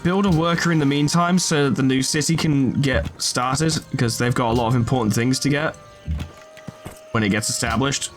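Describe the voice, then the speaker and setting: A man's voice: mid-range voice, moderate pace, soft background music. Joking, sweary male gamer. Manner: joking, sweary, talks to the game units. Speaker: gaming video host. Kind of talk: casual let's play commentary.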